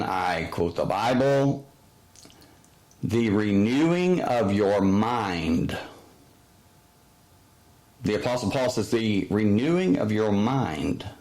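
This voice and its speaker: A man hosting a casual religious commentary, rambling with many fillers and sudden high-pitched exclamations. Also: a little mellow, poor audio. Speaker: host.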